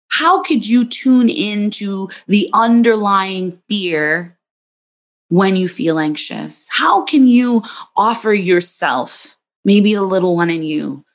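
Slow, gentle woman hosting a podcast. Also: mid-range voice. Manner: gentle, soothing, reflective. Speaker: podcast host and psychologist. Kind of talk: reflective podcast monologue.

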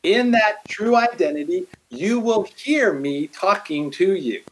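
A middle-aged man in a casual faith conversation, animated, acting out quotes as he tells stories. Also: high-pitched, unhurried, rough recording.

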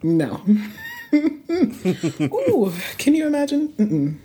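A woman with a New York accent co-hosting a casual podcast, animated, blunt and laughing a lot. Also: high voice, very slow. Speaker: podcast co-host.

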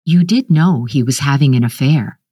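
A woman reading the lines of a gentle, apologetic older brother speaking over the phone. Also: rumbling low, normal speed, breathy edge, dry recording, studio quality.

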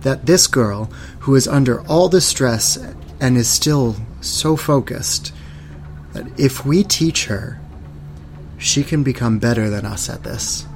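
A man tells an audio drama in the first person at a slow, measured pace. His voice sits at an ordinary pitch, and a faint hiss runs beneath the recording. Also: lively intonation. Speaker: voice actor. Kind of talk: audio drama narration and dialogue.

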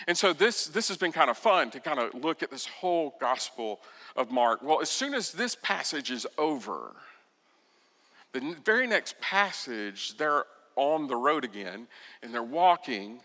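With a medium-pitched voice in a big-sounding room, a pastor tells his sermon story expressively, acting out quoted lines and at times dropping to a soft, intense voice.

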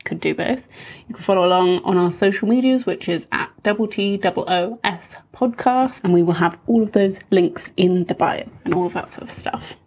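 A woman co-hosts a student podcast in a relaxed, friendly tone. Her voice is husky and breathy. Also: fairly low pitch, moderate pace. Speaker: podcast co-host, osteopathy student. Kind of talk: casual chat and podcast sign-off.

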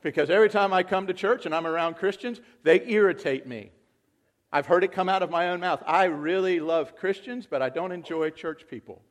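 Male pastor, high voice, conversational sermon with acted-out quotes and big swings in loudness. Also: brisk.

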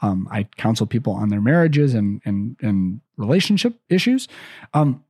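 A man with a mellow, slightly husky voice hosts a parenting podcast and speaks in an earnest, chatty way. He often repeats and restarts his phrases. The sound is dry and close, with no room echo. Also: fairly low pitch, very animated, moderate pace. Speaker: parenting podcast host and counselor. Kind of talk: casual advice talk.

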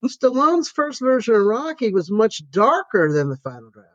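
Man, podcast co-host, measured, reads facts aloud, muffled lo-fi audio, dry. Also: very high-pitched, sing-song, a bit bright, no room sound. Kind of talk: casual chat, reading trivia aloud. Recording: dull lo-fi sound.

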